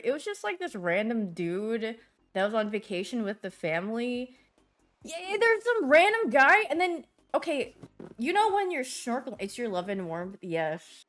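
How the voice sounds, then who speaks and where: A young woman streamer chatting casually with her viewers, rambling through stories and laughing often. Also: sits high. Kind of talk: casual livestream chat, answering viewers.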